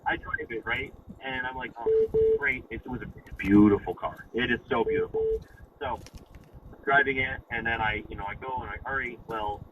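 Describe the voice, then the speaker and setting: A man of about twenty with a New York accent, calling in and telling a rambling story, swearing freely. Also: medium pitch. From Long Island, New York. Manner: fast, animated, swears freely. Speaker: caller. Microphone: phone. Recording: muffled, distant phone call with noise.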